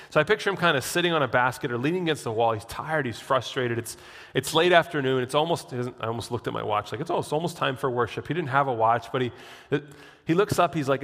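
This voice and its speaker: A man's voice: a little high, in a large hall. A man preaching a sermon as the pastor, telling a story and acting out what people think to themselves. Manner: animated storytelling preacher, acts out inner voices.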